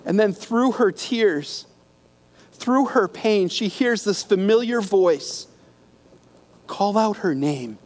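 A man with a notably high voice delivers a sermon, retelling scripture as a story. He leaves pauses, corrects himself here and there, and sinks into hushed, quiet passages. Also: lively intonation. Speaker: preacher.

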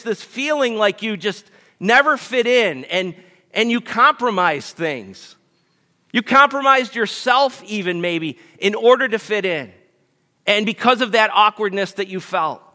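A man's voice: very high voice, sharp tone. A man in his thirties, a pastor preaching a sermon to his congregation in an earnest, conversational way, often asking them questions. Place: church sanctuary. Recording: long hall reverb.

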